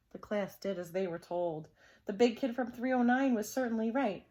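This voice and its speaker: A teacher reading a picture book aloud to her pupils in a gentle, expressive way. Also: mid-range voice, moderate pace. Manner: expressive, gentle storytelling to children.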